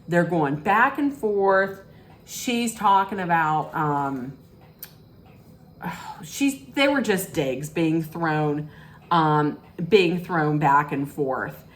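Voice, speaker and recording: A woman's voice: low voice, expressive, extremely slow, slight background noise. A woman recapping a reality show in a casual, gossipy way, rambling through the story and acting out what people said. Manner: rambling storytelling, acts out quotes.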